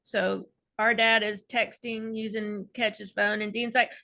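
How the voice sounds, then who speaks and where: A woman on a fan panel recapping an episode with animated, playfully sarcastic asides. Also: medium pitch, a little slow, vocal fry. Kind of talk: casual fan panel discussion.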